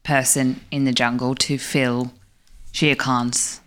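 Crude, deadpan tiger widow for a comedy podcast, voiced low, played by a woman. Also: slow, clear, resonant tone. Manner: deadpan, crude trash talk. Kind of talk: improvised comedy podcast character.

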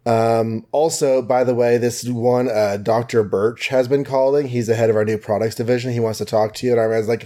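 A man co-hosting a podcast, casually recapping an old comic book with jokes and quick quoted voices. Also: medium pitch, fairly even intonation, mellow. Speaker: podcast co-host.

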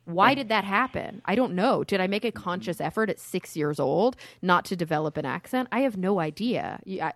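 A woman from Texas, a science guest on a podcast, talking in an outspoken, animated, rambling way. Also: on the low side, no echo, studio quality. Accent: none, no Southern accent. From Texas, USA. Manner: outspoken, animated, talks in long rambling stretches. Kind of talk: casual podcast interview.

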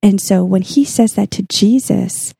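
A woman in casual faith talk, warm and dark in tone with a gravelly edge. She chats earnestly and works through her study notes. The sound is close and dry. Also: mid-range voice, unhurried, dry recording. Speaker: podcast co-host.

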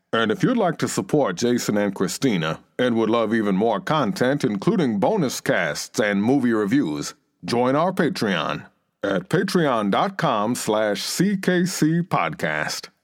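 Male outro announcer, promotional read, expressive intonation. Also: medium pitch.

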